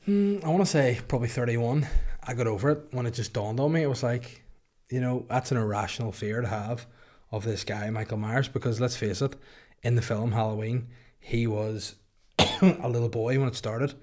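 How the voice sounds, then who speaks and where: A man's voice: mid-range voice, normal speed, a little mellow. A Northern Irish man in his thirties, hosting a podcast in a casual, jokey, sweary storytelling chat. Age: 30s. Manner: rambling, sweary, jokey asides to his co-host. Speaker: podcast host.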